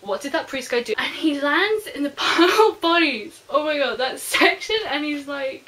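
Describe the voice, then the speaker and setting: A woman's voice: sits high, lively intonation, normal speed, few pauses, sharp tone, rough recording. Chatty young woman gushing about books. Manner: chatty, gushing fan, lots of "like". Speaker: book reviewer. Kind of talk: casual spoiler book review.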